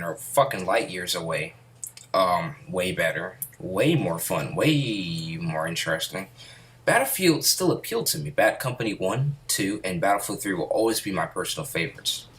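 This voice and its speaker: A woman's voice: rumbling low, fairly bright tone. A woman YouTuber sitting at home in an angry, profane rant about video games, rambling and restarting her sentences. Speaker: gaming YouTuber.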